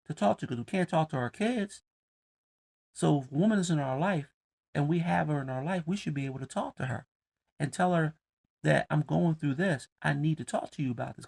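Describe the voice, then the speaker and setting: A man's voice: mid-range voice, gravelly, darkish tone. A man with ranting bluntly and heatedly, with lots of profanity. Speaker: commentator. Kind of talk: casual rant to camera.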